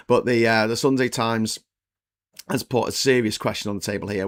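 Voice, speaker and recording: A middle-aged man from the UK hosting a casual political live stream. He is blunt and sweary, and rambles with lots of fillers. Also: lowish voice.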